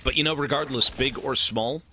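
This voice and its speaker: A man's voice: medium pitch, a little fast, bright, forceful tone, a little hiss or hum. A young man chatting with his stream viewers while playing, rambling and swearing as he jokes around. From Canada. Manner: rambling, profane, joking with chat. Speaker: game streamer. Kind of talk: casual stream chat while gaming.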